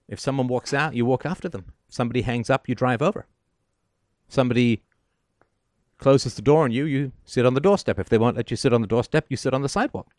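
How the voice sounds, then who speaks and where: A man's voice: medium pitch, no echo, clean studio sound. A man hosting a call-in show, giving advice in an emphatic, sardonic monologue and often asking "right?".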